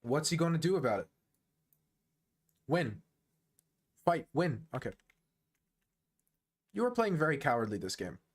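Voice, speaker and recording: A man streaming casual live chess commentary, excitable and slangy, talking straight to the player he is watching. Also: on the high side, unhurried, pauses often, breathy edge.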